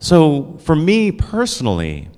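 A man's voice: fairly high pitch, huge pitch swings, slow pace, darkish tone, smooth. Playful male pastor in a reverberant hall. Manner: playful, asks the congregation questions. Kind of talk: sermon.

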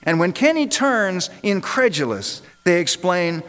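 Male minister, impassioned sermon delivery with rhetorical repetition, medium pitch. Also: animated, a little slow, low-quality recording.

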